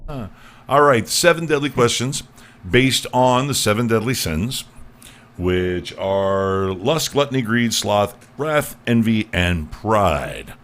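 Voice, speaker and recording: A man's voice: fairly low pitch, expressive, takes it slowly, a bit bright. A man hosting a comedy podcast, stammering and repeating words as he jokes crudely with his guests. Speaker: podcast host. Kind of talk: loose comedic podcast banter.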